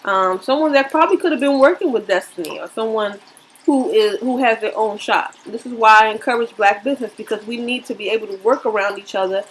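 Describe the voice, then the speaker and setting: A woman's voice: a little high, brisk, a little hiss or hum, low-quality recording. A woman vlogger talking to her viewers in an earnest, preachy way, often repeating her point. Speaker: commentary vlogger. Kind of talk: casual commentary to viewers.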